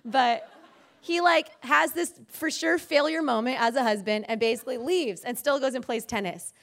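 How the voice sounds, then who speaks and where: Chatty woman with a higher voice. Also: moderate pace, a bit bright. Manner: chatty, rambling, lots of fillers and self-corrections; acts out quoted voices in the telling. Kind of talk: casual faith-based storytelling.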